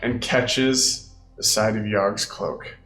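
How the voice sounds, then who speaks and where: A man as game master, narrating a tabletop game in slow, descriptive lines. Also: fairly low pitch, fairly even intonation, fairly bright tone, faint music behind. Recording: echoey room.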